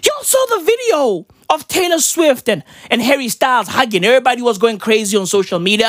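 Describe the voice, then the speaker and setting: A man's voice: very high-pitched, very animated, a little fast, hardly any pauses, a bit bright, no room sound, studio quality. A young man ranting in a brash, profane, slangy stand-up comedy style.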